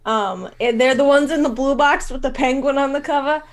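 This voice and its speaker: A woman taking part in a tabletop game as her character. She talks hesitantly and fills her pauses with ums. Her voice sits a little high. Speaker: tabletop player.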